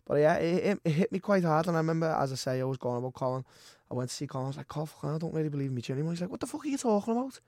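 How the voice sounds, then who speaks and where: A man's voice: a little high, rapid-fire, few pauses, no room sound, clean studio sound. A man, chatting as a podcast guest, blunt and sweary, telling stories with lots of energy. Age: 20s. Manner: swears often, blunt and animated storytelling. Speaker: guest fighter. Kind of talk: casual podcast chat.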